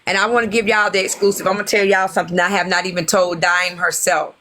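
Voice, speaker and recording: Bright-voiced woman spinning gossip theories. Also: medium pitch, fast, slight background noise. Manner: animated, conspiratorial storytelling. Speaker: livestream guest. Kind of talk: casual gossip commentary.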